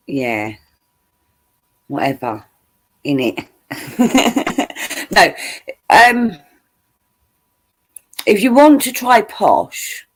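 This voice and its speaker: Lively southern English man chatting. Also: fairly high pitch. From southern England. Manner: jokey, laughs often, restarts a lot. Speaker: streamer. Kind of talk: casual chat.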